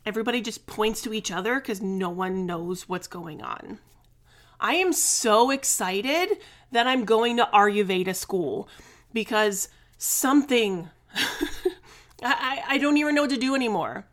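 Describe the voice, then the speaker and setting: A woman's voice: medium pitch, expressive, a little slow. A woman in her forties hosting a casual solo podcast, talking candidly and chattily, venting her frustration and swearing freely. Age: 40s. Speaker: podcast host.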